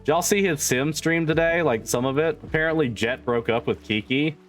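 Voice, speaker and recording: A male streamer with a brisk, fairly high voice talks casually with his livestream viewers, cursing freely and laughing a lot, while soft music plays in the background.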